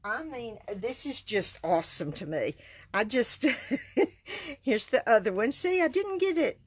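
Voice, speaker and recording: A woman's voice: on the high side, very animated, measured pace, slightly rough, no room sound. A woman, chatting through a live card-making demonstration, enthusiastic and laughing often. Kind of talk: casual live stream demonstration.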